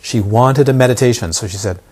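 Husky-voiced man giving a dharma talk. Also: medium pitch, fairly quick, warm tone. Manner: repeated rhetorical questions to listeners. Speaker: meditation teacher.

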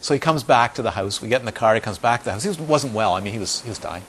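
Talking very fast in a fairly low voice, a man leads an informal dharma talk as a meditation teacher. His storytelling is animated, with emphatic repetition and acted-out voices for those he quotes. A bit of hiss or hum can be heard.

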